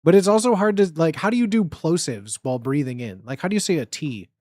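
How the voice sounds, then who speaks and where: A man's voice: fairly high pitch, animated, quick pace, darkish tone, dry recording, studio quality. A young man streaming, chatting casually with rambling, giggly, crude jokes.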